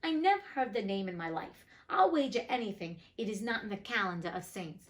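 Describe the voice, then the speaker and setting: A woman's voice: medium pitch, expressive, a little fast, lightly acted. A woman voicing a good, trusting, naive mouse in a storybook reading, earnest and puzzled.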